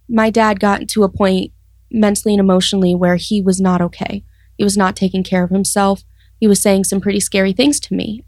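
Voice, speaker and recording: A young woman sharing her life story in an interview, earnest and reflective, often pausing and restarting. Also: mid-range voice, darkish tone, no room sound, studio quality. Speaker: guest sharing testimony. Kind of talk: personal testimony interview.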